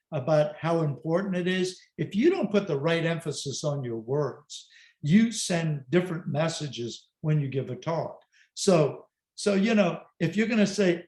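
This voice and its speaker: A man's voice: on the high side, darkish tone. A man giving an online presentation as a speaker coach, talking conversationally with emphatic, self-deprecating asides, recorded at home on a video call. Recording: roomy echoey room.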